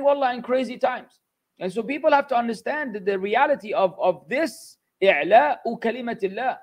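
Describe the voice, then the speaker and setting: Male religious teacher with a very high voice, lively and scolding, code-switches into Arabic. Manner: animated, scolding, mixes in Arabic phrases. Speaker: Islamic teacher. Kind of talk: religious class lecture.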